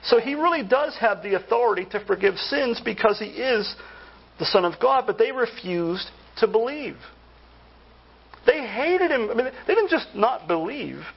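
A man preaches with earnest emphasis, his voice pitched high and edged with gravel. A husky grain runs through it. The recording sounds dull and lo-fi. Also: expressive, normal speed. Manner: earnest preaching, rising emphasis on key words. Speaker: pastor. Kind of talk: sermon.

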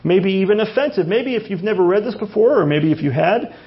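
A man's voice: high voice, expressive, a little fast. A man preaching a sermon, asking rhetorical questions and often restarting his phrases. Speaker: pastor. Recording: dull lo-fi recording.

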